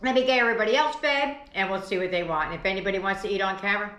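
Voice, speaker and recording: A woman's voice: mid-range voice, very fast, fairly bright tone. A middle-aged woman hosting a home cooking channel, chatting and giggling in a homey way while she tastes her dinner. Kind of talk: casual chat while taste-testing food. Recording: echoey room.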